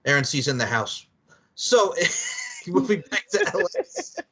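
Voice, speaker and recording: Bright-voiced man hosting a podcast. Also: on the high side, huge pitch swings, unhurried, husky. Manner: rambling, laughing, profane. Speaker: podcast host. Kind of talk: casual podcast chat.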